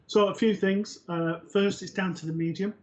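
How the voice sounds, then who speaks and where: A man co-hosting a live psychic medium show, giving readings in a gentle, reassuring, unhurried way with soft hesitations. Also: high-pitched, steady tone. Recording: dull lo-fi livestream audio.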